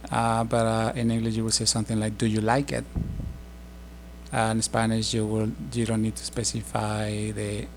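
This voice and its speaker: A middle-aged man giving a casual spoken language lesson, explaining slowly with many fillers and restarts. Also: fairly low pitch, completely flat delivery, a little hiss or hum. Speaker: language teacher.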